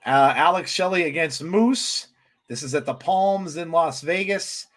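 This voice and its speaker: A man co-hosting a live wrestling watchalong, giving excitable reaction commentary with many restarts. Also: fairly high pitch, unhurried.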